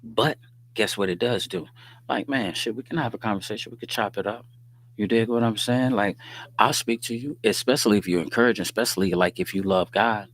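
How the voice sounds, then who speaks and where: A man's voice: lowish voice, brisk, a bit bright. A man hosting a faith-based livestream, talking in a loose, preachy way with street slang and joking asides, often checking in with listeners. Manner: conversational and preachy, often asks "you dig what I'm saying". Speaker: livestream host. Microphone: livestream microphone.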